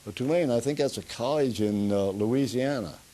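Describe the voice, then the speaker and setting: A man's voice: medium pitch, normal speed, mellow, poor audio. An older man in an oral history interview, a rambling storyteller who chuckles as he goes, with a Pennsylvania Dutch accent. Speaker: veteran being interviewed.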